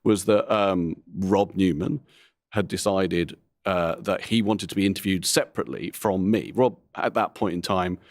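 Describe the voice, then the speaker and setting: A middle-aged comedian talks candidly in a low-pitched voice, rambling through frank, self-deprecating asides. The recording is close and dry with no room sound. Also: male voice, fairly even intonation, moderate pace, no echo. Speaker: comedian guest. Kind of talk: candid interview talk.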